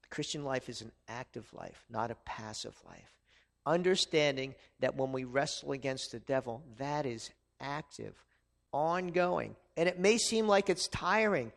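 A man's voice: medium pitch, measured pace, creaky. A man preaching a sermon in a conversational way, with asides and restarts. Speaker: pastor.

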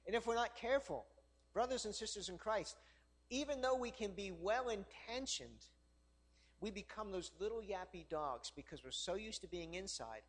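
A man's voice: sits high, expressive, normal speed. A male pastor preaching a conversational, joking sermon in church, often checking in with the congregation with 'all right?'.

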